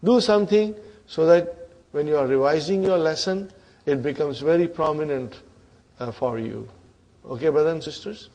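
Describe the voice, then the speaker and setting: A man's voice: a little high, normal speed, darkish tone, dull audio. A man teaching a grammar class, quizzing students with frequent "huh?" prompts and repeating their answers. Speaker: Arabic teacher.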